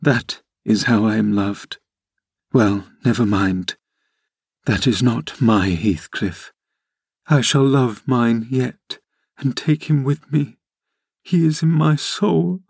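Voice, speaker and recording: Guy reading as a dying young woman, yearning and impassioned, a bit higher, husky, dry sound. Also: steady tone, a little slow, a little mellow, dry recording. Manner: impassioned, feverish pleading.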